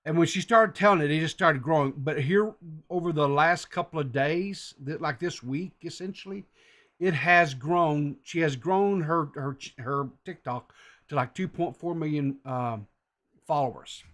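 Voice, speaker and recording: A man's voice: a little high, normal speed, fairly bright tone. A man hosting a casual podcast, recapping a story in a loose, meandering way. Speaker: podcast host.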